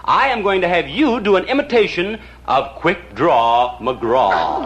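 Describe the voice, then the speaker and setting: A jovial man hosting a children's show, chuckling and coaxing his guests along. His voice rises and falls a great deal, a little high for a man. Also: background noise. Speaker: TV show host.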